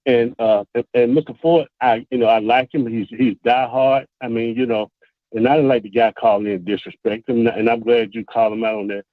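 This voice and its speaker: A man calling in over the phone, making an earnest point in a halting way with repeated words. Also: mid-range voice, steady tone, no echo. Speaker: caller. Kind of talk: call-in sports talk. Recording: dry, tinny phone line.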